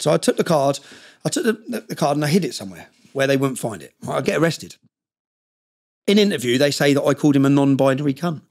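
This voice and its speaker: Guy on a podcast, talks fast, kinda high voice, keeps going "yeah?". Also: vocal fry. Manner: emphatic, rapid storytelling with frequent "yeah?" tag questions. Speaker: podcast guest. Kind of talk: storytelling in a casual interview.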